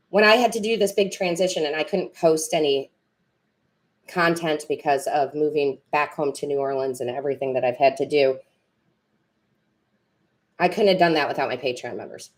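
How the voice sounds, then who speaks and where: On a live stream, a woman who works as a tarot reader and medium chats with viewers, rambling, correcting herself, and growing teary and emotional. Her voice is deep, her pace moderate, and she pauses often.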